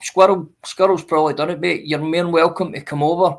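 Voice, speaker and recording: A man's voice: fairly high pitch, steady tone, a little fast, vocal fry. A man, a guest on a casual live-stream chat, earnest and swearing, calling people mate.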